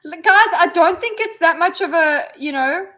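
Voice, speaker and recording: A woman's voice: extremely high pitch, normal speed, sharp tone. A woman hosting a casual livestream, rambling and reading viewers' messages aloud with lots of fillers and restarts. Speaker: livestream host.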